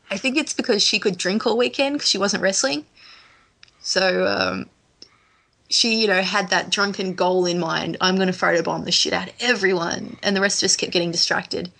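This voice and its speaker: A woman's voice: mid-range voice, unhurried, a bit bright. An Australian woman chatting as a podcast guest, a chatty storyteller who laughs easily. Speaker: guest, wrestler. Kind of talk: casual podcast chat.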